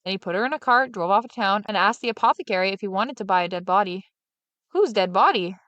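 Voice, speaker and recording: A woman reading a fairy tale aloud in steady, expressive narration. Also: medium pitch, rapid-fire, no room sound, muffled recording. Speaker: storyteller.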